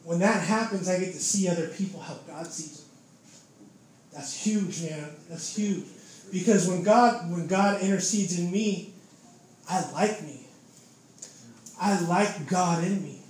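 A young man preaches in a loose, fervent testimony style, calling his listeners "man" and "dude" again and again. His voice sits high for a man. It rings around a very echoey room with a faint hiss of noise underneath. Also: measured pace, a little mellow. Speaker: lay preacher giving testimony.

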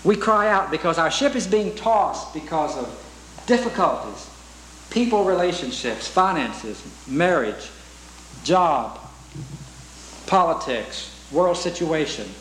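A man's voice: on the high side, animated, a little slow, roomy sound, a little hiss or hum, rough recording. A man preaching a sermon in an earnest way, asking rhetorical questions and reciting hymn lyrics.

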